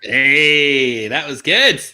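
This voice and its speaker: A man's voice: on the high side, lively intonation, very slow, bright, forceful tone. Chatty man hosting a quiz. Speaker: quiz host. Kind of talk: casual online quiz hosting.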